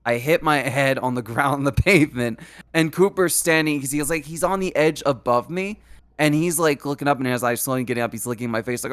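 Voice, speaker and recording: A man co-hosting a casual livestreamed reaction show, telling stories in an animated, profane way. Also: mid-range voice, a little fast, dry recording. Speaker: podcast co-host. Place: home streaming setup.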